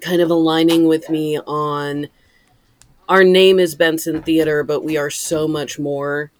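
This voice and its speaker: A woman's voice: sits low, level tone, unhurried, dry recording. A woman talking in a casual interview about running a theater, rambling and laughing often. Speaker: deputy director.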